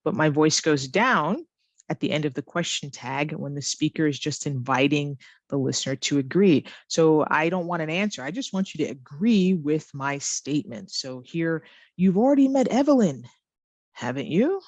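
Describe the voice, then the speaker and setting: A woman teaching an online English lesson who reads example sentences slowly and with exaggerated rising and falling intonation. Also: low-pitched, no room sound.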